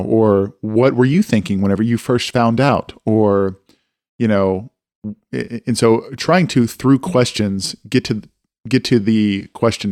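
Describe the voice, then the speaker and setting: A man speaks candidly and pokes fun at himself, with a fairly low voice. He tells stories from home in a plain, unhurried way. The sound is dry, right on the mic. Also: a little mellow, no echo. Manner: candid, self-deprecating, anecdotal. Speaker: co-host and father. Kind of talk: casual faith-based discussion.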